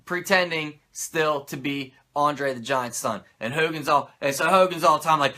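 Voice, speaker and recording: A man's voice: fairly high pitch, moderate pace, few pauses, sharp tone. A male host giving a comedic, profane and sarcastic wrestling recap.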